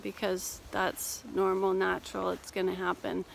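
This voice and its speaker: A woman coach talking casually while walking outdoors up a hill, gentle and reassuring, a little out of breath. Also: mid-range voice, completely flat delivery, normal speed, gravelly, slight background noise. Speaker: life coach and therapist. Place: outdoors on a cold hill walk.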